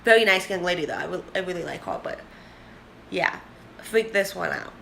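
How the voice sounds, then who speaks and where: A woman's voice: lowish voice, brisk, vocal fry, fairly bright tone, slight background noise. A young woman in a casual vlog, chatting candidly and rambling to the camera. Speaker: vlogger.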